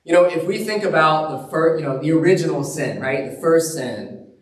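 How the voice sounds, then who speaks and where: A male pastor preaching to his congregation in an easy, storytelling manner. His voice sits a little high for a man and carries around a roomy church sanctuary, caught from some distance away from the mic. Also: normal speed. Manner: conversational storytelling with chuckles. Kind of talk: sermon.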